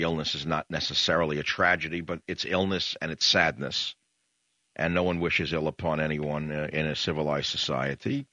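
A man's voice: a bass voice, pushed and bright, dry recording, muffled recording. A man hosting a political talk radio show, combative and indignant, firing off rhetorical questions. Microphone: studio broadcast mic.

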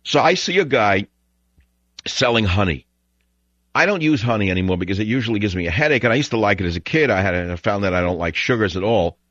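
A man's voice: on the low side, expressive, fast, fairly bright tone, no echo. A man hosting a call-in radio show, ranting in a scornful, blunt way. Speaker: radio talk show host. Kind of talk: call-in talk radio monologue. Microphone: studio broadcast microphone. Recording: dull, dry radio broadcast audio.

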